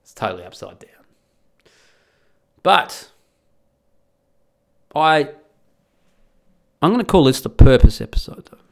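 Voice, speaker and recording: A man's voice: on the high side, big pitch swings, slow, gravelly, pauses often. A man, hosting a podcast and angrily ranting with a lot of swearing and scorn. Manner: angry, profane, ranting, scornful. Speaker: podcast host. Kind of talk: solo podcast rant.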